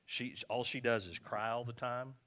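A man's voice: medium pitch, fairly even intonation, moderate pace, fairly bright tone. A man preaching a conversational sermon, repeating himself and checking in with his listeners. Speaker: pastor.

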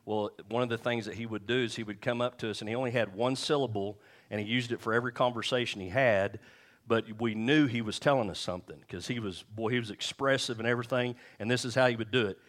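A man's voice: mid-range voice, steady tone, fast talker, fairly bright tone. A middle-aged man preaching a sermon in a church, casual and joking, asking the congregation questions as he goes. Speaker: pastor. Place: church sanctuary.

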